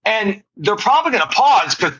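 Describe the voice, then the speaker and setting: A man's voice: sits high, big pitch swings, moderate pace, a bit bright, husky, muffled recording. A man hosting a podcast interview, talking earnestly about serving others in casual chat. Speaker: podcast host.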